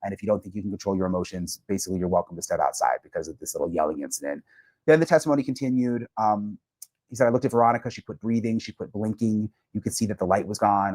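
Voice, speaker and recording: A man's voice: low-pitched, darkish tone, dry recording. A male reporter soberly recounting court testimony, with many filler words.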